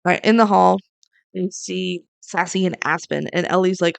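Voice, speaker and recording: Chatty woman with vocal fry. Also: lowish voice, no echo. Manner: chatty, lively retelling with quick asides. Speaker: podcast co-host. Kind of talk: casual chat recapping a movie.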